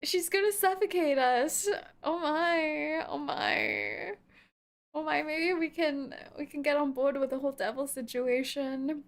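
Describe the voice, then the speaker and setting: A woman streaming a video game, reacting in a giggly, excitable, jokey way. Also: high voice, measured pace. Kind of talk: casual let's-play commentary. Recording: loud game music behind.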